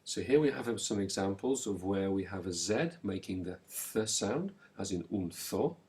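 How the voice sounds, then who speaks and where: A man teaching a recorded language lesson, slowly and clearly modelling words and pausing so the listener can repeat them. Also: low-pitched, animated, a little mellow. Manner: slow, clear modelling of words with pauses for repetition.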